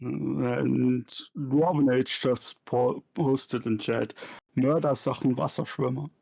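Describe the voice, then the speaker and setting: A man's voice: medium pitch, fairly even intonation, drawn-out words, creaky, warm tone. A man co-hosting a casual stream chat, dry and curious. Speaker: co-host.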